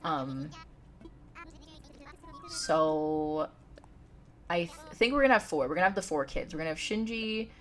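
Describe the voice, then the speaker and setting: A woman's voice: sits low, expressive, unhurried, pauses often, fairly bright tone. A woman live-streaming a game from home, chatting and giggling as she talks straight to her chat. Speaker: livestreamer.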